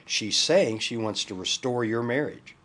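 A man reading the lines of a calm, gently probing Christian marriage counselor. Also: mid-range voice, a little slow.

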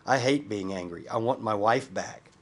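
A man's voice: fairly low pitch, normal speed, close to an everyday voice. A man reading the lines of an angry, hurt husband in marriage counseling, in a bitter tone. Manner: bitter, read aloud.

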